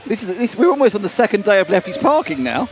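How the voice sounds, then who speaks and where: Chatty British man with a lively voice. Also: sits high. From United Kingdom. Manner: chatty, self-mocking, quick to laugh. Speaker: race stream co-commentator. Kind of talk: casual live-stream chat.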